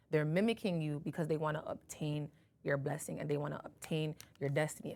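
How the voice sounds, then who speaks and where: A woman podcast host retelling a Bible story in a casual, emphatic way, often correcting herself. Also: on the low side. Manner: conversational, self-correcting, emphatic.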